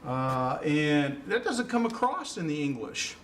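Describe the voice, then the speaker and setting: A man's voice: fairly high pitch, very animated, unhurried. A man teaching a Greek class in a casual lecture style, with many fillers and questions to his students. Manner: informal, filler-heavy explaining with questions to students. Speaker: Greek instructor. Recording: distant mic, faint noise.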